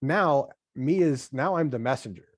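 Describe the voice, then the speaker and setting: A man being interviewed as a podcast guest, chatting in an animated way and acting out workplace conversations. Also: mid-range voice, normal speed, no echo, studio quality. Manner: animated, acts out workplace dialogue. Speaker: podcast guest, software founder.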